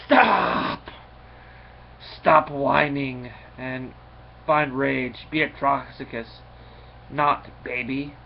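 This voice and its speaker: A man's voice: medium pitch, flat delivery, takes it slowly, vocal fry, muffled recording, a little hiss or hum. A man voicing an impatient male alien cat creature who speaks in curt, scolding bursts.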